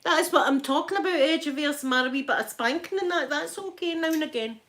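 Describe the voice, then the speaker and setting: A Scottish woman rambles through a casual live chat from home, calling out to her viewers by name. Her voice sits slightly higher than most, and she laughs often between stories. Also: quick pace, a bit bright. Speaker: livestreamer chatting to viewers. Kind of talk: casual live-stream chat while ironing.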